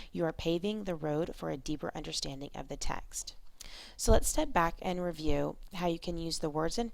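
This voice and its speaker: A woman teacher explaining a reading lesson in a clear, methodical way. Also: deep voice, no echo.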